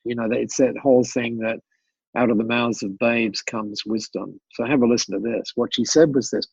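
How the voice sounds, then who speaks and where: A man, an interview guest and business mentor, talking with animated emphasis, repeating words and telling anecdotes. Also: mid-range voice, moderate pace, gravelly, husky, no echo, highs cut off. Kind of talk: storytelling in a podcast interview.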